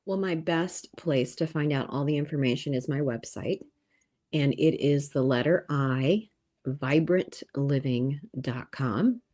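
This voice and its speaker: Deep-voiced woman guest on a podcast, calm advice, gets lively telling stories. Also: unhurried. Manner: calm and reflective, turning animated while telling stories. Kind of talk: casual interview chat.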